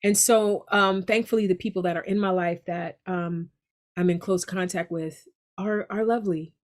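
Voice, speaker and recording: A middle-aged woman, an actress, chatting casually in an interview, lively and prone to laughter. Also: fairly low pitch, moderate pace. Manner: lively and laughing, with frequent restarts. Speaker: actress guest.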